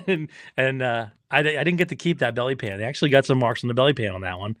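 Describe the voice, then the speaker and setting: A racing team owner and father swaps stories on a podcast in a lively, profane way. He jumps into the voices of the people in his stories. The recording is close and dry, with a mid-range male voice. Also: medium pitch, fast talker, no room sound. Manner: animated storyteller, acts out quotes, swears freely. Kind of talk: casual podcast chat.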